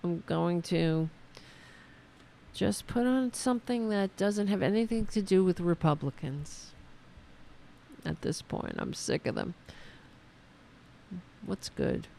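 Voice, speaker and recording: A woman's voice: fairly low pitch, lively intonation, slow pace, vocal fry, pauses often, mellow. A woman hosting a political livestream from home, chatting casually to her viewers in a profane, rambling way. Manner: profane, rambling, talks to her audience directly. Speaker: host of a political talk livestream.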